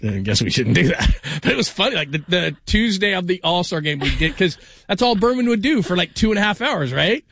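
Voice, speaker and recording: Male fill-in radio host, slightly high voice, dry studio sound, loose joking storyteller. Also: expressive, brisk, fairly bright tone, no room sound. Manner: joking, rambling storyteller with frequent restarts. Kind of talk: casual sports radio chat.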